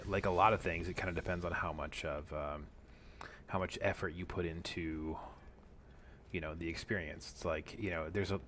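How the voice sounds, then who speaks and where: A deep-voiced man talks through his game stream in a loose, wandering way, full of ums and side remarks. A faint hiss sits under his voice. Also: fairly bright tone. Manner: rambling, many fillers and asides. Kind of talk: casual gameplay commentary.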